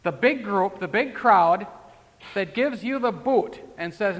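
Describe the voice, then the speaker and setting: A man's voice: high-pitched, lively intonation, slow pace, fairly bright tone. A man preaching a sermon in a folksy, conversational way, full of rhetorical questions and asides. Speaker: pastor. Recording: long hall reverb.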